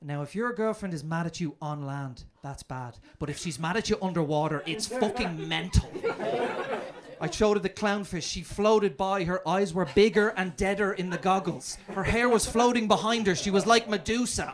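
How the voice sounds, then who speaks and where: A man's voice: sits high, moderate pace. Irish guy doing stand-up, brash and sweary, crowd laughing a lot. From Ireland. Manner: brash, profane storytelling. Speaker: stand-up comedian. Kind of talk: stand-up comedy set. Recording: comedy club audience laughter.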